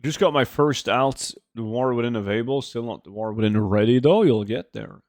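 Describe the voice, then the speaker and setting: A man's voice: medium pitch, a little fast, a little mellow, no echo, clean studio sound. A man streaming a game, chatting and joking casually with his viewers and reading their messages aloud. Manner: rambling, joking, reads chat aloud. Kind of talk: casual livestream chat with viewers. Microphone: desk microphone.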